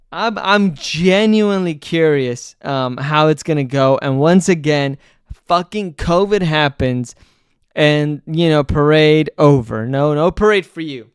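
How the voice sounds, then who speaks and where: A man's voice: on the high side, slow pace, smooth, no echo, studio quality. A man giving casual, profane, exasperated commentary as a football vlogger, rambling with fillers.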